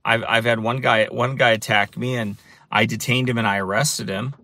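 A man's voice: mid-range voice, fairly even intonation, moderate pace, pushed and bright. A man who preaches on the street tells stories in a casual monologue, often repeating phrases for emphasis. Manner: repetitive, restarts phrases for emphasis.

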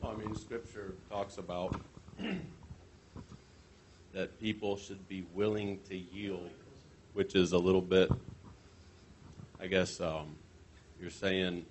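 A man answers in a church class, thinking aloud and searching for words. His voice is very deep, with faint background noise. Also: flat delivery, slow, pauses often, darkish tone, low-quality recording. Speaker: class participant.

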